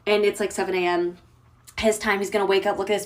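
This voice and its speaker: A woman's voice: medium pitch, flat delivery, fast. A woman telling a storytime vlog in an exasperated, dramatic way, acting out both sides of a conversation. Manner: dramatic, exasperated, acts out quotes. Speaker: storytime creator.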